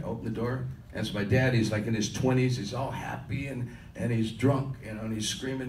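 A man's voice: lowish voice, fairly quick, few pauses, darkish tone, a little hiss or hum. An older man, a musician, telling a rambling story to an audience at a live question-and-answer session. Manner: loose, rambling storyteller with restarts. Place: conference hall. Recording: echoey hall, heard from far off.

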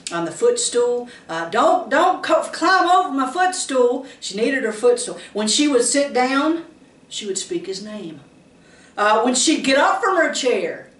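A woman giving a conversational devotional talk, earnest and homey, with lively asides to her listeners. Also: mid-range voice. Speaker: pastor's wife giving a devotional. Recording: roomy sound from a distant mic.

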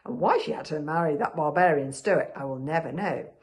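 A woman's voice: low voice, brisk, a little mellow, pitched below the performer's own voice, lightly acted. A woman doing a big earnest bodyguard man. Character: big, sheepish, good-hearted male bodyguard.

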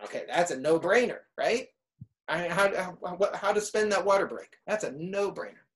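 Animated middle-aged man giving advice. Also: high voice, normal speed, poor audio. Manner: lively, animated storyteller acting out students. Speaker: music teacher and speaker. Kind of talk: casual advice talk.

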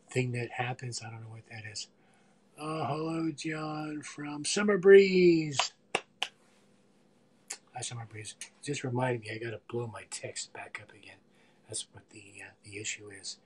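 A man's voice: mid-range voice, fairly quick, slight background noise. A man in his sixties chatting in a rambling, meandering way while cooking live in his home kitchen, often trailing off into mumbled asides. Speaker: live-stream cook. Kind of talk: rambling live-stream chat.

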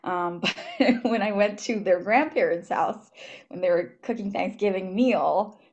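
A woman's voice: medium pitch, a little slow, lo-fi sound, a little hiss or hum. Young woman from Japan, rambling filler talk. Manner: rambling, filler-heavy, animated retelling. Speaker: student panelist. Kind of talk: casual panel talk. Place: event hall.

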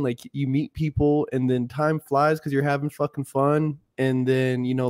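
A man's voice: medium pitch, a little mellow, dry recording, clean studio sound. A man hosting a podcast, chatting in an easygoing, slangy way. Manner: easygoing, slangy, calls people bro. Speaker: podcast host. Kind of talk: casual podcast chat.

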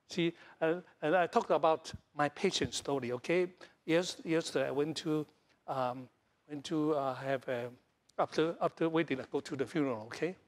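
A middle-aged Taiwanese pastor, a native Taiwanese speaker, preaches in broken English full of repeats and fillers. He's animated, jumping between loud, high bursts and soft, low lines.

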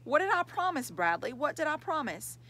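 A woman reading aloud, voicing a patient, firm mother who asks calm questions. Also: high voice, a little fast, slight background noise, pitched above the performer's own voice, heavily acted. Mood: puzzled.

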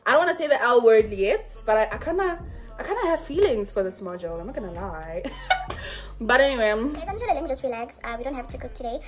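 Girl vlogging, talks fast, says guys a lot, bit of music under it. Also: a little high, big pitch swings. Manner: chatty, rambling, keeps saying "guys". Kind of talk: casual vlog chat.

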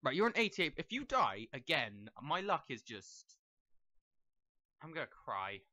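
A man's voice: fairly high pitch, very animated, unhurried, pushed and bright, no echo. A young man giving casual gameplay commentary, rambling and talking to the characters on screen. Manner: rambling, talks to the game characters. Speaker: let's play gamer.

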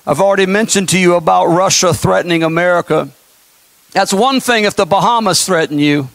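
A man's voice: sits high, brisk, vocal fry, fairly bright tone, no echo. A male pastor preaching a sermon, impassioned and folksy, with mocking asides.

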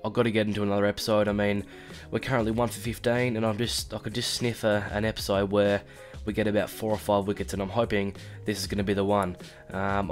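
An Australian man with a congested, stuffy voice from a cold, giving chatty let's-play commentary with lots of fillers and sudden excited outbursts. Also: on the low side. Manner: chatty, rambling with fillers, bursts into excited shouts at big moments. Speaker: gaming YouTuber.

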